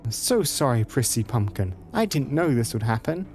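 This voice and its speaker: A man's voice: mid-range voice, very animated, normal speed, a little mellow, faint music behind, lightly acted. A man reading the lines of a meek, apologetic nobleman husband in a game.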